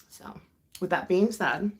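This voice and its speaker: A woman in her thirties from the United States, hosting a rambling, confiding livestream chat. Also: mid-range voice. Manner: rambling, confiding, with sighs and soft laughs. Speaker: livestream host. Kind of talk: casual chat.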